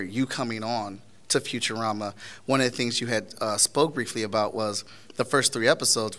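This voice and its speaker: A man's voice: mid-range voice, fairly bright tone. A man moderating a convention panel, asking casual questions with fillers and hesitations. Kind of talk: interview questions.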